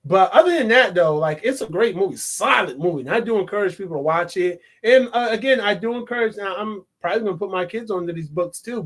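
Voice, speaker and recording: A man reviewing a movie in a casual, excitable vlog, swearing and laughing often. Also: sits high.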